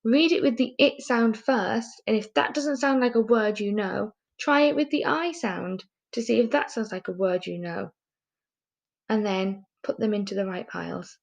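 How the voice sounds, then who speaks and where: A woman teaching a recorded phonics lesson to young children, sounding out words patiently and asking gentle teacherly questions. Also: mid-range voice, normal speed, gravelly. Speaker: primary school teacher.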